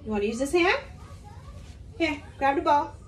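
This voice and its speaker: A woman's voice: high-pitched, expressive, normal speed, roomy sound. A mother coaching her young child through play, coaxing and encouraging him with short, repeated cheers. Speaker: mother vlogger.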